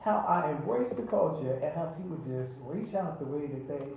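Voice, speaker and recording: A man hosting a radio interview, animated and excitable, sprinkling "man" through his sentences. His voice sits a little high for a man and sounds set back from the mic. The room around him is very echoey, with a faint hiss underneath. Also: moderate pace, gravelly, recorded from a distance, dull audio. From Chicago. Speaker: radio host.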